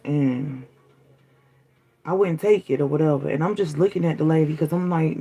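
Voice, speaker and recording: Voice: medium pitch, gravelly, dark tone, slightly rough. A content creator delivering a defiant, taunting spiritual warning straight to the viewer, repeating "you feel me?" as they go. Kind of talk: direct-to-camera warning rant.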